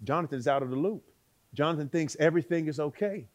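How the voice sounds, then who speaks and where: A man preaching a sermon, with dramatic swings between loud exclaiming and hushed words and rhetorical questions to the listeners. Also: a little high, fast talker.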